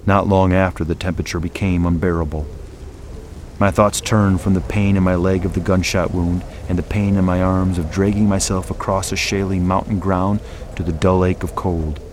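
Low-voiced male narrator for a dark horror tale, slow and grave, with a faint hiss of noise behind him. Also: level tone. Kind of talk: scripted first-person horror narration.

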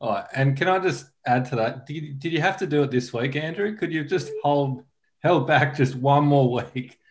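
A man's voice: fairly high pitch, normal speed. A man co-hosting a podcast in casual chat, joking and laughing between lines. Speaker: podcast co-host.

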